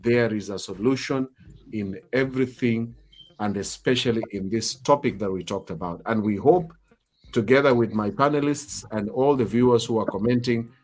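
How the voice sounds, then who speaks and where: A man's voice: medium pitch, moderate pace, darkish tone. A man hosting a live talk show, speaking emphatically, repeating himself and teasing his viewers. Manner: emphatic, repetitive, playfully teasing.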